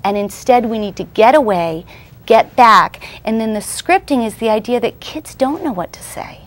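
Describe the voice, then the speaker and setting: A woman's voice: a little high, lively intonation, normal speed. A woman in her thirties, a parenting expert guest on a TV show, explaining her ideas earnestly. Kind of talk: TV interview.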